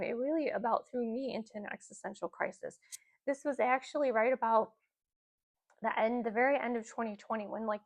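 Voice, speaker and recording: A woman in her forties casually telling a personal spiritual story, rambling with many fillers and asides. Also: on the high side. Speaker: spiritual content creator.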